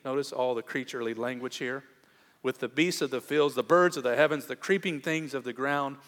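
A man preaching a sermon as pastor, earnest, moving between hushed tender passages and raised emphatic ones. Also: mid-range voice. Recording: long hall reverb.

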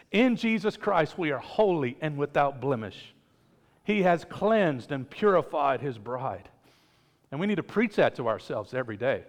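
Man preaching in a reverberant church. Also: on the high side. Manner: conversational preaching with joking asides. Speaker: pastor. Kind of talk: sermon. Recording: long reverb of a church hall.

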